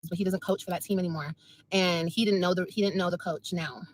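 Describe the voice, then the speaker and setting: A woman's voice: fairly low pitch, fairly even intonation, quick pace. A woman venting on a livestream, repeating herself in a frustrated, emotional rant. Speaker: mother speaking on a livestream.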